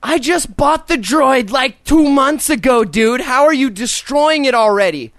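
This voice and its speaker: A man's voice: very high voice, lively intonation, unhurried, a bit bright, dry recording, clean studio sound. A young man hosting a podcast, ranting profanely and with exasperation. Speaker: podcast host. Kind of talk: casual ranting podcast chat.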